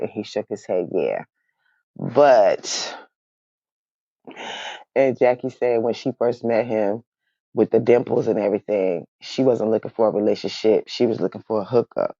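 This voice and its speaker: Her voice is extremely low-pitched and warm as this woman casually chats through a reality show recap, addressing her viewers as "y'all" and repeatedly cracking up partway through sentences. There's no room sound; the audio is dry, dull, and lo-fi.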